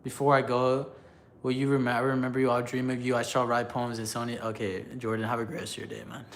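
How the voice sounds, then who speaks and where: A man's voice: medium pitch, completely flat delivery, a little hiss or hum. A man casually chatting on a live stream, reading chat aloud, loose and joking, laughing often. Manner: halting when he switches languages.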